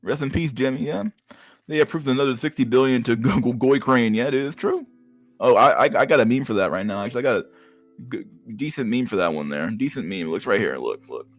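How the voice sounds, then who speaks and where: A man chatting casually on a livestream, reading viewer messages and answering them bluntly. He swears freely and trips over his words. His voice sits in a middle pitch, recorded close and dry with faint music behind. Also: animated, fast talker, no room sound. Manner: profane, blunt, restarts a lot. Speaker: streamer reading chat.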